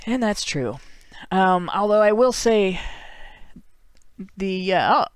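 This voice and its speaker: A man's voice: sits high, animated, slow pace, clean tone, no echo. Sardonic Northern Ohio man hosting a talk show. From Ohio, USA. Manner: sardonic, chuckling asides. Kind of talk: livestream talk show, reading viewer donations.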